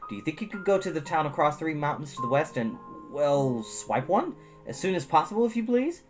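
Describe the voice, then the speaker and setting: A woman's voice: sits low, sing-song, fairly quick. A woman voicing a fretful, flustered male town mayor in a storybook reading, with guitar music behind. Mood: wheedling. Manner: flustered, pleading.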